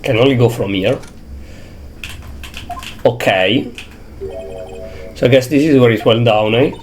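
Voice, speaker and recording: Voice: medium pitch, a little slow, darkish tone, faint music behind. Sniffly streamer reading a game aloud. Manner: casual, swears, reads text half-aloud. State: sniffly with a cold, coughing. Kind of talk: casual game commentary with read-aloud dialogue.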